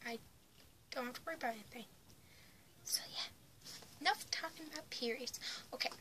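A young woman talks to her camera in a bright, fairly high voice, retelling a personal story in a blunt, plain way. She often sinks into a whisper and then comes back loud. A faint hum of room noise sits behind her. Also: a little fast. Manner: blunt, retelling with swings in loudness. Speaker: vlogger.

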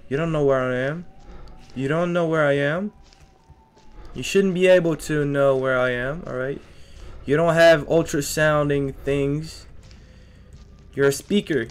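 A man's voice: fairly high pitch, fairly even intonation, measured pace, long pauses, clear, resonant tone. A young man streaming a horror game, jittery and scared, muttering to himself and taunting the monster in slangy talk. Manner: slangy, keeps saying bro. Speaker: gaming streamer. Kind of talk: horror game let's play commentary.

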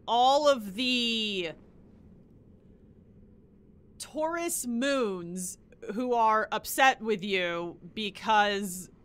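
A woman's voice: mid-range voice, pushed and bright, smooth. A woman putting on a ditzy Valley Girl voice to read a silly horoscope, drawling with lots of "like" and "um". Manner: drawling, full of "like" and "um".

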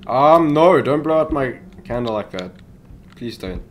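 A young gaming YouTuber plays a horror game, giving jittery commentary, talking back to it and yelping in panic when startled. His voice is medium-pitched with lively intonation and a measured pace, over slight background noise.

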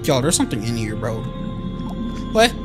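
A man commenting on his own horror game play, jumpy and foul-mouthed, talking to himself and shouting when scared. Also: mid-range voice, big pitch swings, normal speed, over loud music. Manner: jumpy, profane, talks to himself. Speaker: gamer.

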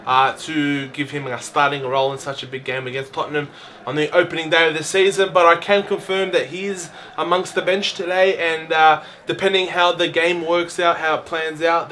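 A man playing a football manager answering pre-match press questions in a measured, filler-heavy way. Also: fairly high pitch, pushed and bright, slight background noise, pitched below the performer's own voice.

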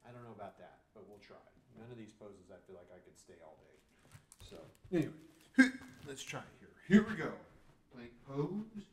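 It's a dad doing a playful storytime with exercises for his children, his mid-range voice a little mellow. He tries each pose from the book, goofily groaning and joking. He sounds far from the mic, in a roomy, echoing space and slightly off-mic.

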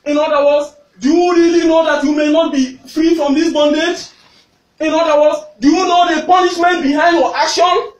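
Fervent Nigerian preacher, high and echoey. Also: male voice, little pitch movement, normal speed. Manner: fervent, shouting at climaxes, repeats phrases. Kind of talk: sermon. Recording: echoey, distant hall recording.

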